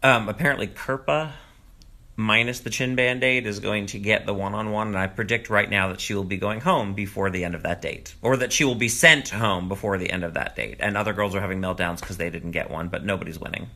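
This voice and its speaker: A man giving a casual, gossipy recap of a reality dating show, sometimes jumping up high in pitch to mock the contestants. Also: fairly quick. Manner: animated, gossipy, swings into high mocking quotes. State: groggy morning voice. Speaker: recap vlogger. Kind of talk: casual commentary.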